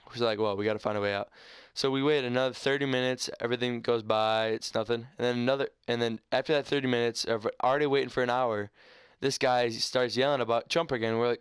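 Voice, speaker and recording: A sixteen-year-old boy, casually telling a story over gameplay in a halting, rambling way full of restarts and stutters. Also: mid-range voice, fairly even intonation, clean tone, dry recording. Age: teens. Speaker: gaming YouTuber. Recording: faint gunfire from game audio. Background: video game gunfire.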